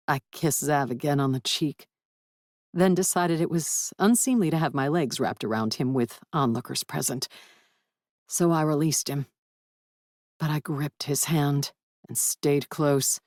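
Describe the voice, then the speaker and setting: A woman reads a first-person audiobook with a wry, lively storytelling manner. Her voice sits low, and the recording is close and dry with no room around it. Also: unhurried, dry recording. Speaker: audiobook narrator.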